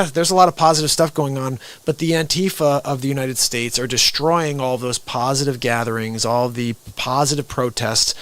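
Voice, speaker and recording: Lively storytelling man, higher voice. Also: no echo. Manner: animated storyteller, acts out the people in his stories. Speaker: host. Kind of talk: casual talk show conversation.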